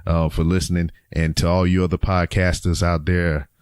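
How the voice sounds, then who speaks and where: A man's voice: low-pitched, flat delivery, normal speed, darkish tone, smooth, no echo, studio quality. A young man from Louisiana hosting his own podcast, rambling casually through announcements with plenty of ums and chuckles. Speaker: podcast host. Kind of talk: casual solo podcast outro.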